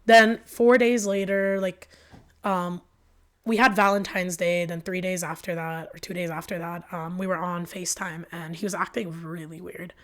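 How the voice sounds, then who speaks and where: A young woman, a podcast guest, telling a personal story with lots of fillers and quoted back-and-forth, emotional and animated. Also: fairly low pitch, normal speed. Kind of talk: candid storytelling.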